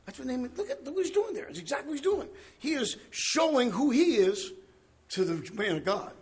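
A man preaching a conversational Bible study, animated and chuckling, often checking in with the listeners. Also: very high-pitched, a little fast. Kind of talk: conversational sermon.

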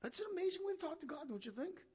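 A man's voice: very high voice, big pitch swings, rapid-fire, a little mellow. A man giving conversational Bible teaching, questioning his listeners and paraphrasing scripture. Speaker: preacher.

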